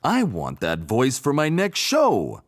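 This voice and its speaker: A huge, pushy show boss, loud and eager, demanding what he wants right now, as a man puts him on. His voice swings widely in pitch, like a larger-than-life storybook character. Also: wildly swooping pitch, slow pace, exaggerated voice.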